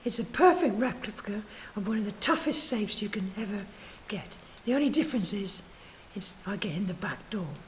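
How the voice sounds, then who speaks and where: A woman's voice: medium pitch, animated, slight background noise, natural voice. A woman voicing a frail, dying old male safecracker who speaks weakly and with confusion. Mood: weak, confused. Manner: weak, confused, slow.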